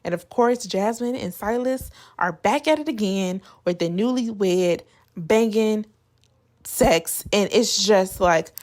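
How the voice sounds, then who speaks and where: A woman's voice: medium pitch, expressive, takes it slowly. A woman vlogger giving a casual, opinionated recap of a reality show, chatty and blunt with plenty of slang.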